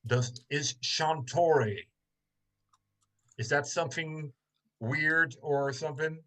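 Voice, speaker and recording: A man narrating a tabletop game as game master, pausing often with ums and restarts. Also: fairly high pitch, bright, forceful tone, poor audio. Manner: hesitant, many ums and restarts.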